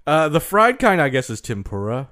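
A man's voice: a little high, sing-song, pushed and bright, no room sound, clean studio sound. A man hosting a casual podcast chat, teasing and joking with his guest. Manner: joking, playful, drawn-out teasing. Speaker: podcast host.

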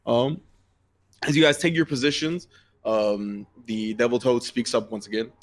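A man's voice: mid-range voice, normal speed. Rambling male game master. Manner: rambling, filler-heavy description. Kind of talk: narrating a tabletop game.

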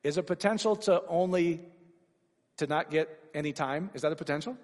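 A man preaching a sermon to a congregation, animated and rising to excited exclamations. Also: fairly high pitch, a little fast, big-room sound.

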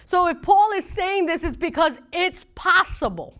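A middle-aged woman pastor delivers a sermon in a high, bright voice. She tells stories in an animated way, acting out bits of dialogue as she goes. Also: a little slow. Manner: animated storytelling with laughs and acted-out dialogue.

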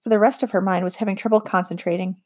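A woman narrating an audiobook in a calm, measured storytelling voice. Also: medium pitch.

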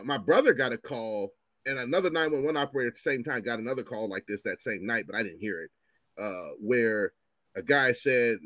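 A man's voice: on the low side, no room sound. A man in his fifties telling profane stories in casual chat, acting out the people in them. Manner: animated, profane, acts out voices in his stories. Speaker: storyteller guest.

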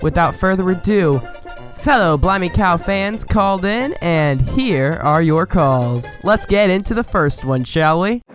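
A man's voice: sits high, expressive, a little slow, soft background music. A man hosting a casual podcast, answering listener call-ins in a playful, rambling, mock-serious way. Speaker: podcast host.

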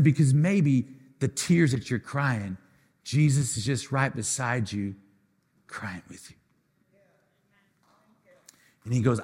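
A man who is a pastor preaching a sermon with passion, swinging between loud declarations and soft, quiet asides. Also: mid-range voice, slightly rough. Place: church sanctuary. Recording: live church hall with music behind.

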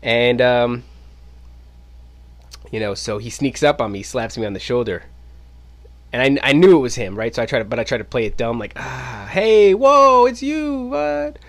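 A man hosting his own podcast, telling a casual story in an animated way and swearing freely. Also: mid-range voice, normal speed, pauses often. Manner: animated, acts out quoted voices, swears casually. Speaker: podcast host. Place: home podcast studio.

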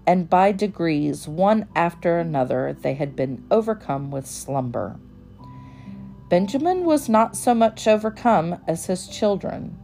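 Slow, mellow woman reading a storybook. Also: lowish voice, gravelly. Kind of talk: storybook read-aloud narration.

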